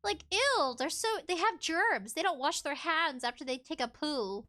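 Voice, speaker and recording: Woman streamer with a high, sharp voice who giggles constantly in animated livestream chatter. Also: normal speed. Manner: giggly, animated, laughs often. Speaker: VTuber streamer. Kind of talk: casual livestream chat, reacting to a video.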